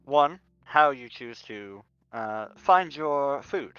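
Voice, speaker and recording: A man's voice: medium pitch, expressive, slow pace, a bit bright, clear, resonant tone, no room sound, dull audio. A man running a tabletop roleplaying game, often laughing and searching for words with many fillers. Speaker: storyteller.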